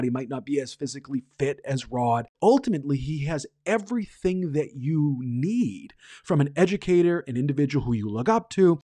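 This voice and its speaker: A man in his forties hosting a podcast, recapping a TV episode and playing out the lines with enthusiasm. His voice sits fairly high but sounds mellow and dark, recorded dry and close. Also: no echo. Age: 40s. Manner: enthusiastic, acts out quoted lines. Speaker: podcast host.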